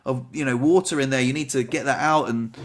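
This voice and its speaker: A man's voice: mid-range voice, a little fast. Chatty man hosting a podcast. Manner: chatty, rambling, self-deprecating. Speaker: podcast host. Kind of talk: casual chat.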